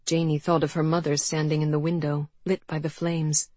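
A woman reading an audiobook aloud in measured, expressive storytelling narration. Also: sits low, dry recording. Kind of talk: scripted narration.

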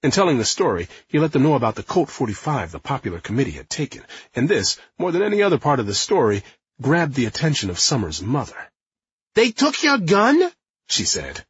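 A man narrating a nonfiction audiobook in a lively, expressive manner. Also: mid-range voice, quick pace, breathy edge, lo-fi sound. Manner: lively, acting out quotes.

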